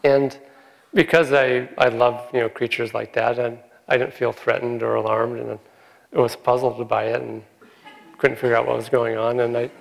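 Gravelly man giving a gentle spiritual talk. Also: mid-range voice, level tone, moderate pace, long reverb tail, poor audio. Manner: gentle, chuckles often while telling stories. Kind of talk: informal spiritual talk with anecdotes.

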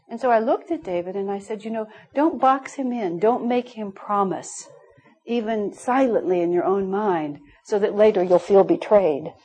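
A woman's voice: medium pitch, slightly rough, low-quality recording. A middle-aged woman teaching a spiritual class, telling stories with frequent laughter. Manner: warm storytelling, laughing often. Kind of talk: spiritual class talk with anecdotes.

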